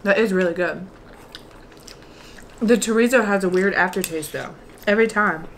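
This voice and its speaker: A woman's voice: medium pitch, normal speed, a bit bright, a little hiss or hum. A woman co-hosting an eating show, chatting in an easygoing, giggly way between bites. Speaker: mukbang co-host. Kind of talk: casual chat while eating.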